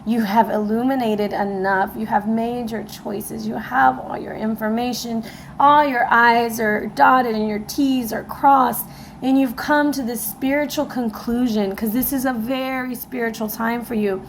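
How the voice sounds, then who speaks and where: A woman giving a casual tarot reading to camera, excitable and emotional, talking straight to her viewers. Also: fairly high pitch, measured pace, slight background noise, poor audio. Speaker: tarot reader. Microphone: camera mic.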